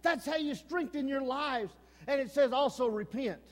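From the pulpit of a church sanctuary, a pastor with an East Texas accent preaches a fiery sermon at a moderate pace. His strikingly high voice rings with a long hall reverb as he swings between shouted warnings and low, earnest pleading.

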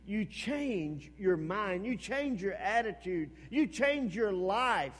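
A man preaching a sermon with emphasis, repeating his phrases and swinging between loud and hushed. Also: high voice, big-room sound.

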